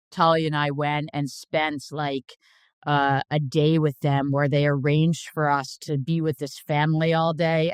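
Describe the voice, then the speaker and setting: A woman's voice: low-pitched, darkish tone, smooth, no room sound, studio quality. A woman in her fifties, a chef telling anecdotes in a casual interview, blunt and chatty with lots of "like" fillers. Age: 50s. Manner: blunt, swears freely.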